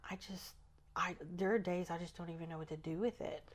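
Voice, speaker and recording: A woman who works as a spiritual healer, talking thoughtfully on a podcast, often trailing off and restarting, with soft laughs. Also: lowish voice, steady tone, fairly quick. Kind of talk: casual podcast conversation.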